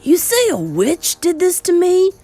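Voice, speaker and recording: A woman voicing a spoiled boy turned into a mouse, high and excitable. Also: measured pace, exaggerated voice. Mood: indignant. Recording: dry close sound with faint music.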